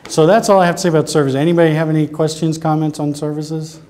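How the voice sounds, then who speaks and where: Man, Southern US accent, conference talk, casual and chatty, slightly high voice. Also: flat delivery, mellow. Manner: casual, chatty, quick asides. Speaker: presenter.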